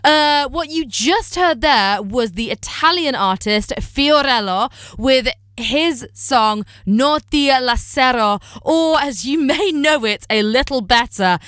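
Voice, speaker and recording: A woman radio host talking to her listeners in a chatty, upbeat way, teasing herself as she goes. Her voice is smooth and clear, close on a studio mic with a dry, dead sound. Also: high voice, lively intonation, takes it slowly, hardly any pauses, fairly bright tone, dry recording. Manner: chatty, upbeat, self-deprecating. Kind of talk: casual radio show hosting.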